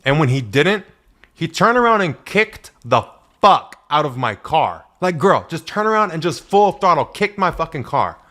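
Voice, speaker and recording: A man talking alone into a podcast mic, his voice sitting a little higher than most men's. He is blunt and swears freely, and he laughs often at his own jokes. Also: very animated, moderate pace, bright, forceful tone. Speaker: podcast host. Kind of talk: solo podcast monologue.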